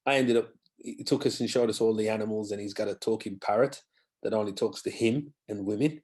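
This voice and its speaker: Man, 50s, fairly low voice, podcast guest, lively anecdotes, mimics others' voices. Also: a little fast. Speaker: guest musician. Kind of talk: storytelling in a podcast interview.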